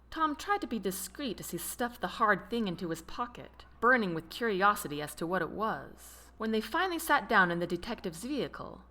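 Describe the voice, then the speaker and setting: A woman narrating an audiobook in a slow, expressive storytelling manner. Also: medium pitch. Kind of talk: scripted narration.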